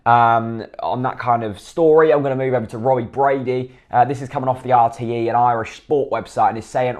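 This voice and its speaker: A man's voice: medium pitch, steady tone, fairly quick, few pauses. A man giving blunt, opinionated football commentary to camera, often asking and then answering his own questions. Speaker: football fan vlogger.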